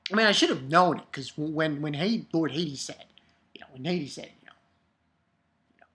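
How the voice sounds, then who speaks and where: Excitable low-voiced woman reviewing manga. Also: normal speed. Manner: excitable, swears freely, frequent restarts. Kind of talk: casual spoken review.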